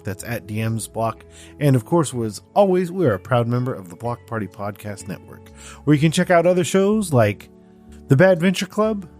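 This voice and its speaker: Chatty male podcast host, faint music. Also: medium pitch. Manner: chatty, jokey, with frequent fillers and restarts. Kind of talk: casual podcast chat and outro.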